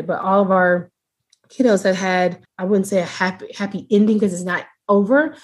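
A woman's voice: fairly low pitch, a little mellow. A woman speaking as a podcast guest, a foster mother sharing her experiences in a heartfelt, earnest way with frequent restarts. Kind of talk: casual podcast interview.

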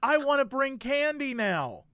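Man, podcast co-host; high, bright, dry-sounding voice; goofy comic banter. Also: big pitch swings, measured pace, dry recording. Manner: goofy, bit-driven banter. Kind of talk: casual comedic chat.

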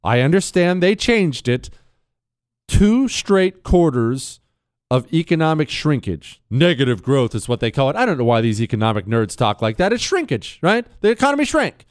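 A man hosting a talk radio show, telling stories and ranting with sarcastic, animated delivery. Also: mid-range voice, normal speed, clear, resonant tone, no echo, clean studio sound.

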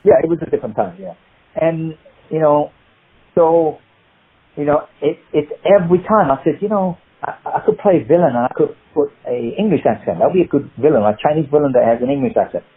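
A man with a Cockney accent, an actor guest telling rambling, animated stories with many restarts. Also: fairly high pitch, fairly quick, breathy edge. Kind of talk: casual interview storytelling. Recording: tinny phone-like line.

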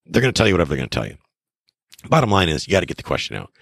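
Very deep husky-voiced man. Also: very animated, rapid-fire, fairly bright tone, no echo, clean studio sound. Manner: enthusiastic, emphatic, acts out conversations. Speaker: real estate investor and podcast host. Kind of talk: casual advice monologue.

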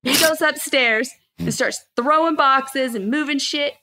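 A woman in her thirties telling a story in an animated chat, expressive and freely swearing. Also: high voice, unhurried. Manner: expressive, swears freely, acts out quotes loudly. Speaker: podcast guest, co-host's wife.

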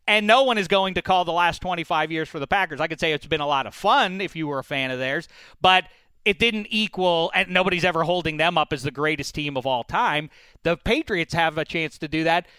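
A man hosting a casual sports debate, animated and opinionated, breaking into mocking impressions of fans. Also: high-pitched, smooth, no room sound. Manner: animated, puts on mock fan voices. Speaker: sports talk host.

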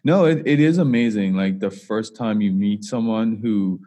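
Man, very low voice, podcast host, halting, reverberant hall. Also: dark tone. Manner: reflective, halting, many fillers. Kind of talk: casual podcast interview.

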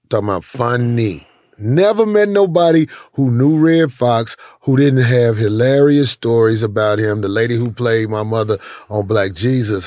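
A man in casual conversation, telling stories in a laid-back, animated way. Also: medium pitch, dry recording, clean studio sound. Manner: laid-back storyteller, animated, laughs into his words. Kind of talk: casual chat, storytelling.

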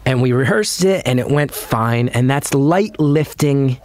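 A man's voice: medium pitch, expressive, unhurried, a little mellow, dry recording. A man guesting on a podcast, telling a story in a casual, rambling, self-deprecating way.

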